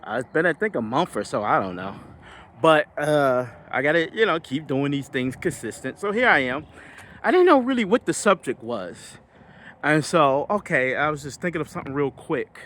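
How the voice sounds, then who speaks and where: A man talking through his feelings in a reflective personal vlog, halting and searching for words. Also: on the high side, expressive, a bit bright. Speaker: vlogger.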